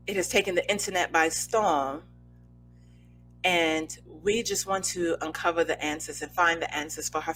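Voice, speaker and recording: A woman in her thirties putting on a British accent to read a mock news lead-in slowly and solemnly. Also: deep voice, sharp tone, pitched below the performer's own voice, poor audio. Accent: put-on British. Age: 30s. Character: woman doing a serious British newsreader.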